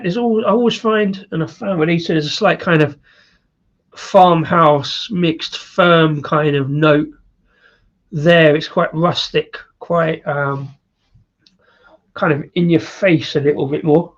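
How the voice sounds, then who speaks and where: A man's voice: on the high side, takes it slowly, highs cut off. A man hosting a casual live-stream beer review, rambling with lots of fillers and chuckles. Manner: rambling, with many fillers and laughs.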